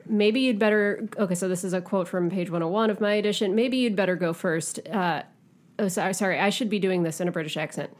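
A woman's voice: medium pitch, fast. A woman co-hosting a casual podcast chat, exasperated and swearing as she reads short quotes. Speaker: podcast co-host. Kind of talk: casual book-club chat.

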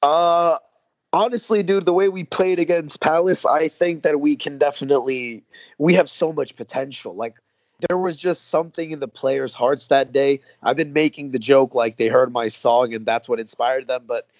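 A man's voice: on the high side, moderate pace, no echo. Brief: New York American man, easygoing guest, slangy and laughing, dry close sound. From New York, USA. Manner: laid-back, laughs often, slangy. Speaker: guest fan. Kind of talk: casual podcast chat.

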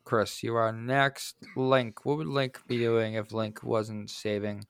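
A man's voice: mid-range voice, little pitch movement, slow, a bit bright, clean tone, no room sound. A man moderating a comedy podcast, wry and steering the talk along. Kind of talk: casual comedy chat.

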